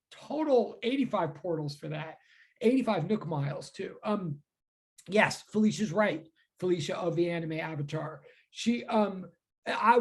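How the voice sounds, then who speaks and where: Husky-voiced woman teaching physics online, rambly and chatty, making fun of herself a lot. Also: medium pitch, a little mellow. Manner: chatty, self-deprecating, rambling asides. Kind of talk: online lecture.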